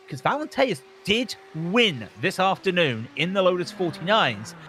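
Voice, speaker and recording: A man's voice: high-pitched, animated, moderate pace, few pauses, background noise. A man commentating a sim racing broadcast, calling laps and reading out the starting grid with energy. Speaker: lead commentator.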